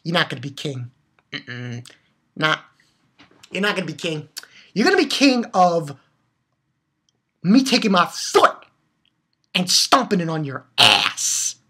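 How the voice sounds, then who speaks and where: A woman's voice: sits low, big pitch swings, a little slow, long pauses, pushed and bright, husky. A woman giving a heated, profane rant while reviewing a manga chapter, blunt and repeating her points for emphasis. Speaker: anime reviewer.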